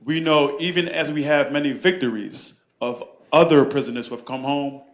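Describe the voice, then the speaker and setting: A man's voice: fairly high pitch, steady tone, normal speed. A man moderating a live panel event in a bookstore, leading the crowd in call-and-response chants with a rousing cadence. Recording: echoey room.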